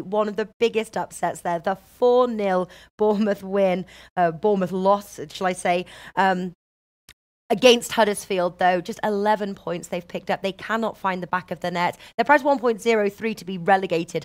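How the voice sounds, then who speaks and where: Upbeat woman hosting a live betting stream, mid-pitched, reads out viewer comments. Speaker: betting show host.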